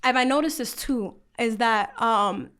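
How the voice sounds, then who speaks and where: A woman's voice: on the high side, a little slow. A young woman from the Bronx with a New York accent, chatting as a podcast guest and telling stories with a lot of animation. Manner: animated storyteller who acts out the voices in her anecdotes. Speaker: podcast guest, content creator. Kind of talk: casual chat.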